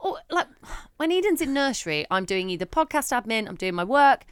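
A woman's voice: fairly high pitch, big pitch swings, a little fast, clean tone, dry recording, studio quality. A woman in her thirties, a podcast co-host telling a story in frank, blunt casual chat, swearing freely.

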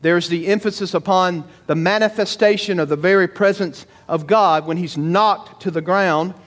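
A man preaching a sermon, emphatic, slowing down and repeating words for stress. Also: high-pitched, a bit bright. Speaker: pastor.

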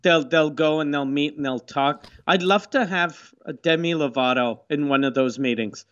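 A man's voice: on the high side, moderate pace, a bit bright, smooth, dull audio. A man co-hosting a podcast in a joking, crude casual chat, often agreeing. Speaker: podcast co-host.

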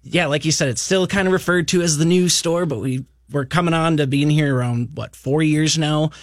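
A man's voice: on the high side, moderate pace, no echo, studio quality. A man, a store manager, chatting as a guest on a radio show in an easygoing, agreeable way. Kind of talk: casual interview chat.

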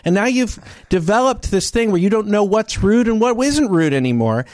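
A man's voice: high voice, big pitch swings, moderate pace, darkish tone, no echo, clean studio sound. A man telling a story in casual chat, acting out both sides of an argument with many restarts.

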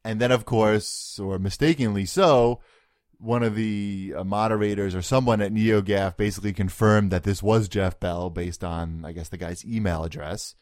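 A young man co-hosting a casual podcast chat, relaxed and joking, laughing often. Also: fairly low pitch, moderate pace, dry recording, clean studio sound. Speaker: podcast co-host.

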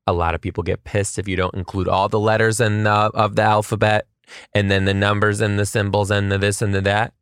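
A man, a schoolteacher, hosting a comedic solo podcast with quick asides and rhetorical questions. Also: fairly low pitch, flat delivery, fairly bright tone, smooth, no echo, studio quality.

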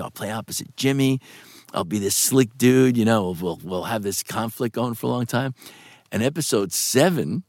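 A man in his sixties from New with a gravelly voice, animatedly telling stories in a casual interview. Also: normal speed, no room sound, clean studio sound. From New York. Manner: animated, swings pitch for quoted voices. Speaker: actor guest.

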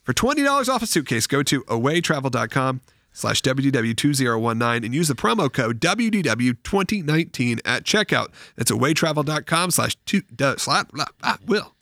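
Animated bright-voiced male podcast host. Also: mid-range voice, brisk, no room sound, studio quality. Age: adult with school-age children. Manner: animated, jokey ad reads. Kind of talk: casual chat and host-read ad.

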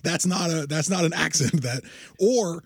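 A young man co-hosting a podcast in casual chat, rambling and excitable, laughing often. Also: fairly high pitch, moderate pace, gravelly, husky, no room sound, clean studio sound. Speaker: podcast co-host.

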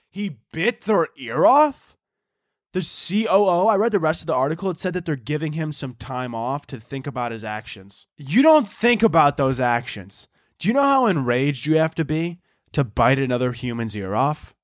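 A man's voice: fairly high pitch, a little fast, no echo, clean studio sound. A young man hosting a podcast, rambling through a profane, comedic monologue. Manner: profane, rambling, animated storytelling. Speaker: podcast host.

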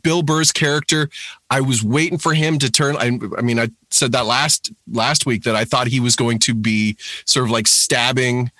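A man's voice: mid-range voice, fairly even intonation, normal speed, bright, forceful tone, no echo. A man chatting on a podcast, rambling enthusiastically with frequent restarts. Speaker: podcast panelist. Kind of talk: casual podcast chat.

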